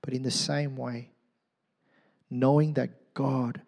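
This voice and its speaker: A middle-aged man preaching a sermon in church, animated and joking, swinging from loud to hushed. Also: mid-range voice, slow pace, vocal fry, big-room sound. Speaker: pastor.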